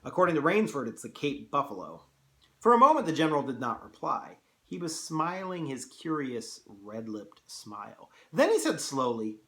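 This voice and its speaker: A man reading a story aloud as a teacher, expressively, and breaking off for quick, casual explanatory asides. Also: mid-range voice, very animated, pushed and bright. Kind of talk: read-aloud with analysis.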